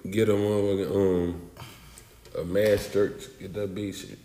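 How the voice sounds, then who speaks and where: A man's voice: fairly low pitch, flat delivery, measured pace, dark tone, reverberant, long reverb tail, a little hiss or hum. A man who is a guest on a podcast, talking bluntly in crude, joking banter. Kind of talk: casual podcast chat.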